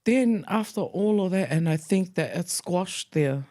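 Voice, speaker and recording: A woman, co-hosting a podcast, telling school stories in a casual, lively way, acting out quoted voices and mixing in Tongan words. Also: on the low side, a little slow. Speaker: podcast co-host. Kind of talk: casual storytelling chat.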